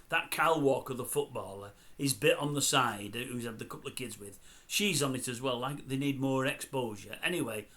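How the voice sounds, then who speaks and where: A man's voice: medium pitch, bright, forceful tone. An older man grumbling and mocking in a chatty celebrity commentary video. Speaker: YouTube commentator.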